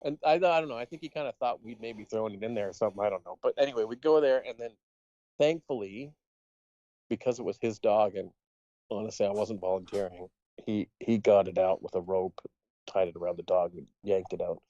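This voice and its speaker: A man's voice: on the low side, fairly quick, mellow, no room sound, dull audio. Man telling a rambling camp story. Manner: rambling anecdote, laughing often. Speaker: podcast co-host. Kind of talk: casual storytelling chat.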